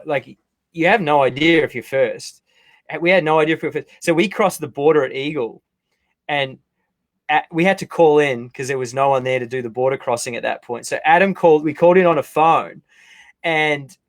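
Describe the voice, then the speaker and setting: A man hosting a casual interview, telling animated anecdotes. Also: medium pitch, dry recording. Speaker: podcast host.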